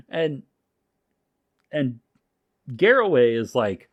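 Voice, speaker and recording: A man co-hosting a podcast, telling a story in casual, profane, animated talk. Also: on the high side, moderate pace, vocal fry, long pauses, no echo, studio quality. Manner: animated, profane, full of restarts.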